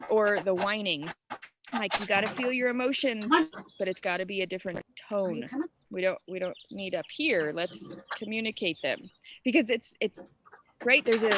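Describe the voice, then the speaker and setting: A woman's voice: medium pitch, fairly bright tone, slight background noise. Earnest woman coaching a group casually. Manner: casual, earnest, talks directly to participants with many fillers. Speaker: spiritual transformation coach. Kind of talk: live group coaching session.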